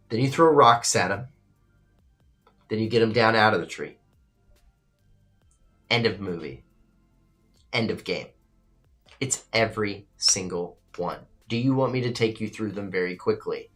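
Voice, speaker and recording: A man hosting a live stream, talking casually and with emphasis, at times swinging loud and high, and reading out chat messages. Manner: reads and answers chat. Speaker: livestream host. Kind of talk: casual livestream commentary.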